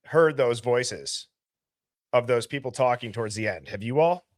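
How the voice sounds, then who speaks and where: A man's voice: medium pitch, normal speed, no room sound, clean studio sound. A man hosting a live stream, thinking aloud and asking questions as he goes. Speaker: host. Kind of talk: casual live-stream discussion.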